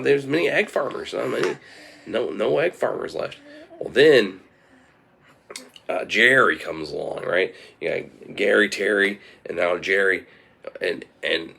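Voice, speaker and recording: A man's voice: low voice, vocal fry, a bit bright. A man telling an improvised comic story in a meandering way, with lots of fillers and restarts.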